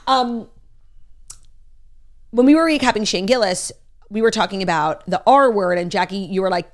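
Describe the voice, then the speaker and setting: A young woman co-hosting a casual pop-culture chat, talking fast and animated, with lots of fillers and sarcasm. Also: mid-range voice. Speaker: podcast co-host.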